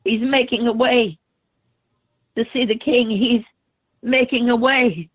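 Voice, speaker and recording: A woman preacher delivering a fervent sermon, crying out and shouting to the congregation. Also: on the high side, steady tone, slow pace, no room sound. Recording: slightly dull lo-fi recording.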